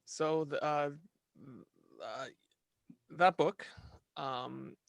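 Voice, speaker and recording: A man talking as a podcast guest in casual conversation, animated, restarting his sentences and asking "right?" often. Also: a little high, very slow, creaky, dry recording.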